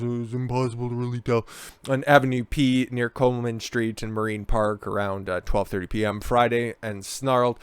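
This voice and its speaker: A man's voice: mid-range voice, dry recording. A man giving sarcastic commentary on news stories, mocking and crude with frequent swearing and snide asides. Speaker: commentary vlogger.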